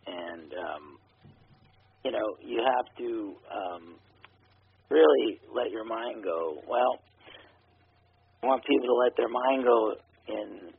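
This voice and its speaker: A man's voice: fairly low pitch, expressive, takes it slowly, creaky, long pauses, husky. A man, a filmmaker guest, talking casually in an interview, hesitant, with many ums. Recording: phone-like radio audio.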